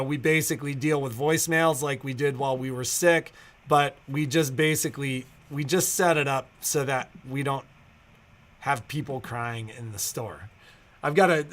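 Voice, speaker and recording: A man's voice: on the high side, bright, forceful tone. A middle-aged man hosting a casual livestream for his store, rambling through updates with many "so, um" fillers and restarts.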